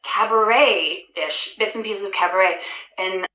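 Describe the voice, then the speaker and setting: Woman, casual livestream chat, bubbly, self-deprecating, mid pitch, echoey room. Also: unhurried, bright, forceful tone. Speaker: livestream host answering fan questions. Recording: roomy echo.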